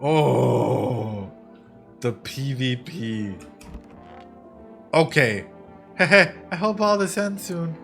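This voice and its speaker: A man playing a video game on stream, reacting loudly and swearing with excitement. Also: medium pitch, extremely slow, vocal fry, pauses often, soft background music. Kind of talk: let's play commentary.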